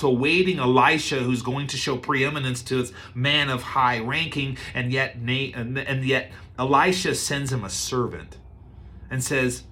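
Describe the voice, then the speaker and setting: A male pastor preaching a sermon, retelling a scripture story in a casual, animated way. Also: medium pitch, normal speed. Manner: conversational, animated retelling with chuckles.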